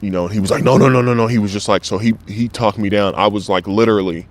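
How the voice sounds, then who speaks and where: On the low side with a steady tone, he talks at a quick pace. He's an American ex-football player in his thirties, candid and emotional in this interview, swearing freely and performing the voices he quotes.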